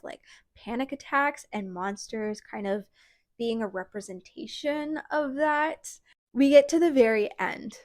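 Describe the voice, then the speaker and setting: Woman vlogger, fairly high voice, dry close sound, casual and emphatic book talk. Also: dry recording. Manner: emphatic and animated, frequent "like". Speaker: book reviewer. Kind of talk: casual book review vlog.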